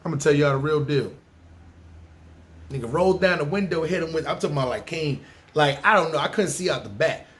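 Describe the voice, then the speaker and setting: A man from New telling a story on his podcast, lively and full of slang and profanity. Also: on the high side, a little fast. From New York. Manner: animated, profane, slangy, talks to listeners. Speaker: podcast host. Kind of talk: storytelling monologue.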